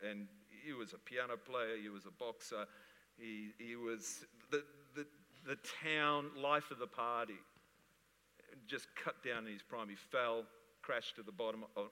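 A male pastor preaching with lively energy, his bright, forceful voice ringing out. The long reverb of a church hall trails after each line. He mixes jokes and laughter into his sermon. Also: on the low side.

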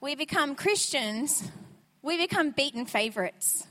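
High bright lady preaching, lively and chatty, big echoey church. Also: measured pace. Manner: energetic, conversational preaching with acted-out asides. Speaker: guest preacher. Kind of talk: sermon. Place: church sanctuary. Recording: church sanctuary with long reverb.

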